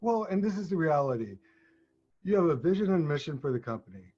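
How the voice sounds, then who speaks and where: Husky American man on a dull lo-fi line. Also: fairly high pitch, big pitch swings, a little fast, mellow. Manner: emphatic, repeats points for stress. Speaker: co-host. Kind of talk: casual business chat. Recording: dull lo-fi sound.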